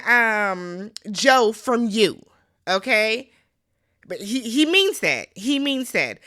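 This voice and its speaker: A young adult woman hosting a casual TV recap, giving sassy, animated commentary full of exclamations. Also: on the high side. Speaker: recap show host. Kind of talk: casual chat recapping a TV show.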